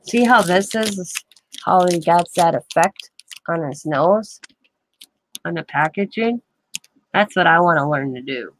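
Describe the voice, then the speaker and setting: A woman chatting casually while doing crafts, telling animated stories and laughing often. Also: fairly low pitch, a little slow, pauses often, no echo, low-quality recording. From American Midwest.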